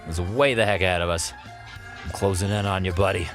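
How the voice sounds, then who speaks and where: A man streaming a kart racing game live, commenting playfully and excitably while chatting with his viewers. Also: deep voice, fast talker, soft background music.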